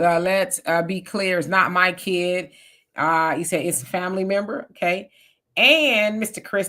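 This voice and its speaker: A woman co-hosting a casual livestream, reading viewer comments aloud and telling animated stories. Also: on the low side. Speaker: co-host reading live chat.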